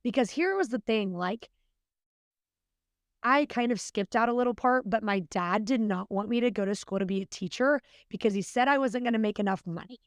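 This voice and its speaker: A woman's voice: fairly high pitch, normal speed, dry recording, clean studio sound. A young adult woman, a podcast guest, talking in an earnest, chatty way with lots of fillers. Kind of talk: casual podcast interview.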